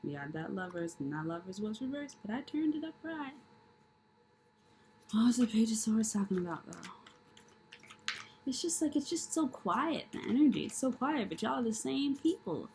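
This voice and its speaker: A woman's voice: fairly high pitch, big pitch swings, moderate pace, darkish tone, slight background noise, rough recording. A woman reading tarot cards in a casual monologue, delivering blunt, profane tough love with emphatic repetition and rhetorical questions. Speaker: tarot reader.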